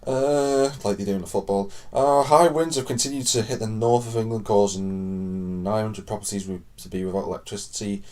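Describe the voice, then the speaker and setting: A man co-hosting a podcast, chatting casually with an animated, jokey, rambling delivery. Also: on the low side, moderate pace, few pauses. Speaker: podcast co-host. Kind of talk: casual chat.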